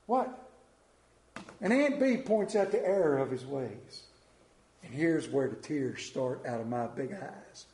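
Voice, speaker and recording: A man's voice: mid-range voice, animated, a little slow, mellow, slight background noise. A man telling a story in a folksy, heartfelt way. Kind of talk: retelling a TV episode to an audience. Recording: roomy echo.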